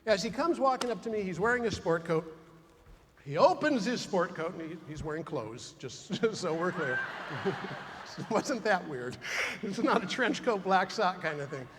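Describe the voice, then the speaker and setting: Before a big crowd in a large conference hall, a keynote speaker delivers a funny motivational talk, acting out dialogue as he tells animated stories. His voice is high and runs at normal speed, with big-room sound and slight background noise.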